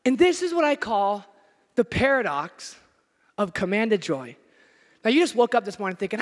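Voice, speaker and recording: A man preaching a sermon as pastor, energetic and joking with his listeners, shouting some words for emphasis. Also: extremely high pitch, moderate pace, in a large hall.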